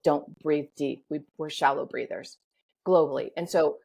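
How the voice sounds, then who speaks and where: A woman guest on a podcast, calmly guiding a breathing exercise and explaining breathwork. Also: low-pitched, gravelly, slightly rough, poor audio. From United States. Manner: calm, slow instructive guidance.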